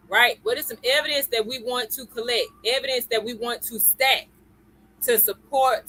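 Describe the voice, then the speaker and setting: A woman's voice: on the high side, sharp tone, a little hiss or hum, rough recording. A woman hosting a live-stream lesson. She talks in a chatty way, greets viewers by name and keeps checking in with "okay?" and "y'all.". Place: at home computer.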